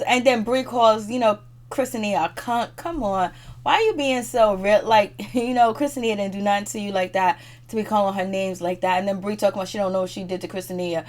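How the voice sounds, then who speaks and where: A woman casually recapping a reality TV episode, chatty and slangy, laughing often as she talks. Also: mid-range voice. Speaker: show reviewer.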